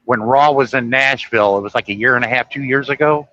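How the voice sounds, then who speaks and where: A man's voice: mid-range voice, fast talker, pushed and bright, dull audio. A man telling a long, rambling story in casual chat, acting out the dialogue as he goes. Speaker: guest storyteller.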